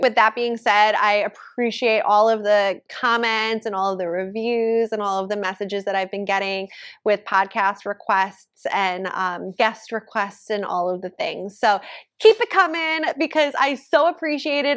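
A woman's voice: a little high, fairly bright tone. Chatty woman podcast host. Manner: chatty, heavy use of "like". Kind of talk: casual chat.

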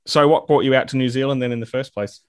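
A man hosting a podcast, asking questions in a relaxed, chatty way. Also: mid-range voice, fast, no echo, clean studio sound. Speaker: podcast host. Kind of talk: casual interview questions.

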